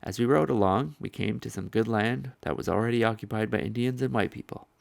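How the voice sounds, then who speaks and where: A man narrating a historical first-person account in a measured, solemn way, with a gravelly voice. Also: lowish voice, no echo. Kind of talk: solemn reading of a historical speech.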